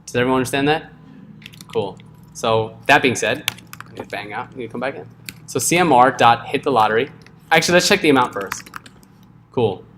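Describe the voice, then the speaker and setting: A man's voice: mid-range voice, a little fast, long pauses, a bit bright, slight background noise. A man teaching a live coding class in a casual, joking way, often checking in with the room. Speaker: coding instructor.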